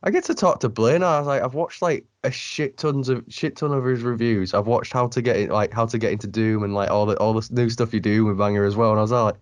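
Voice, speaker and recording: A man co-hosting a podcast, excitedly rambling about meeting his favorite reviewers. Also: lowish voice, quick pace, few pauses, no echo. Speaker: podcast co-host. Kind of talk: casual interview chat.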